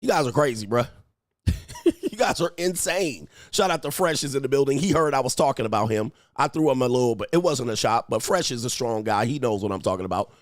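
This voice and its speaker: A man's voice: mid-range voice, fast, no room sound, studio quality. A man hosting a livestream as a coach, talking in a brash, mocking, profane way. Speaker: dating and lifestyle coach, livestream host. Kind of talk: unscripted livestream commentary.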